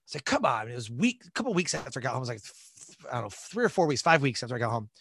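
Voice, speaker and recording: A man's voice: mid-range voice, racing, a little hiss or hum. A middle-aged man, a podcast guest, telling a personal story in casual conversation, acting out what others said and laughing often. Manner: animated, laughs and quotes people in lively voices.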